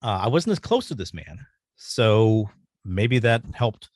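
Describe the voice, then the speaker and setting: A man telling a personal story as a podcast guest, earnest and halting, pausing often. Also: on the low side, very animated, darkish tone, dry recording, studio quality.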